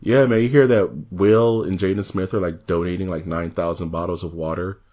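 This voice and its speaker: A man with a somewhat low voice co-hosting a casual podcast. He talks in an animated way, laughs often and drops into quick mock voices when he retells a story. His tone stays easygoing and chatty. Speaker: podcast co-host. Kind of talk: casual chat.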